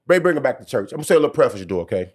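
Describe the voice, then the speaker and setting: A man's voice: mid-range voice, sing-song, racing, darkish tone. A man co-hosting a casual sports podcast, joking and swearing freely, slipping into mock preaching. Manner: joking, profane, slips into a mock preacher prayer. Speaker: podcast co-host.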